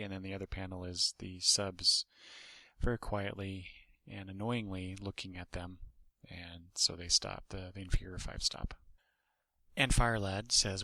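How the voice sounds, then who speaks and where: Gravelly, low-voiced man rambling. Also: fairly even intonation, normal speed, bright, forceful tone, no echo. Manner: rambling, with many restarts and asides. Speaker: podcast host and comic reviewer. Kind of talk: casual comic book review.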